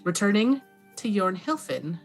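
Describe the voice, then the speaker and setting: A woman narrating a tabletop game as dungeon master, halting with many fillers. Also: medium pitch, big pitch swings, faint music behind.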